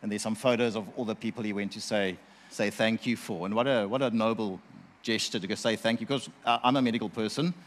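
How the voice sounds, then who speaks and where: A male host with a fairly low voice, leading a relaxed interview. He talks loosely and chuckles often. His sentences tend to trail off before he finishes them. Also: fast talker, hardly any pauses, long reverb tail, a little hiss or hum. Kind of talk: casual interview.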